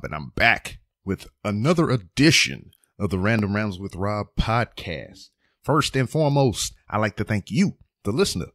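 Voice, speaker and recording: Low-ish guy rambling on his home podcast, dry close mic, joking around. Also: fairly bright tone, dry recording. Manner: rambling, playful, self-deprecating asides. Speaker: podcast host. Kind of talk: casual solo podcast monologue.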